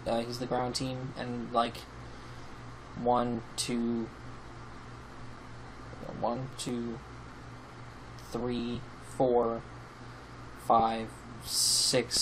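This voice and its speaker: A man's voice: medium pitch, low-quality recording. Man, rambling casual game commentary, sleepy, faint background noise. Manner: rambling, many fillers and restarts, swears casually. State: sleepy, yawning. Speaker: YouTube team-building host. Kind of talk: casual commentary over gameplay.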